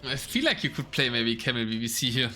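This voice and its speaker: A young man casts a strategy game live, his medium-pitched voice sing-song, fast, pushed and bright, with faint music in the background. His play-by-play is casual and keeps drifting into chatting with viewers between calls.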